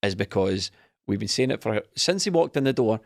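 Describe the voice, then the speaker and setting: A man in casual football podcast chat, animated and mocking, often laughing. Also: lowish voice, brisk, gravelly, no echo, studio quality. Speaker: podcast co-host.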